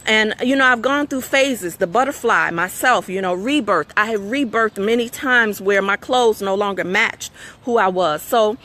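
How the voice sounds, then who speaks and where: Bright-voiced woman giving a motivational talk. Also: medium pitch, moderate pace. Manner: conversational, preachy, asks audience for agreement. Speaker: host. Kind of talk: live-streamed motivational talk.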